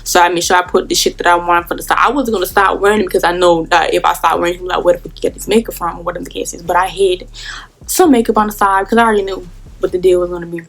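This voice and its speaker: A woman's voice: on the low side, flat delivery, very fast. A young adult woman telling a casual story in a rambling, profane way, full of fillers. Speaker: vlogger.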